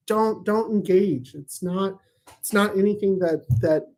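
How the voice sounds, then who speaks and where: A man's voice: sits high, a little slow, darkish tone. A man hosting a casual comedic positive-news recap, rambling and jokey. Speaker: host of a weekly positive news show. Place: at home in Tulsa.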